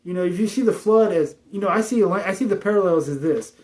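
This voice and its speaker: A man with a somewhat high voice rambles through a spiritual monologue. His talk is loose, frustrated and packed with swearing. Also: quick pace, darkish tone.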